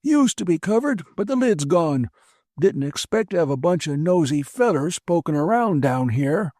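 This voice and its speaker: A high, cranky old country codger, as a man puts him on, grumbling his words with a drawl. His voice climbs and dips a lot. The recording is dry and close. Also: sing-song, a little slow, mellow, no room sound, exaggerated voice. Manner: querulous, rural drawl. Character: grumbling cagey old male homeowner.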